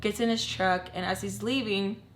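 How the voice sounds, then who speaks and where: A woman telling a personal storytime, candid and blunt, swearing freely and dropping low and quiet at emotional moments. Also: steady tone, normal speed, a little hiss or hum. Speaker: storytime vlogger. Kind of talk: casual storytelling.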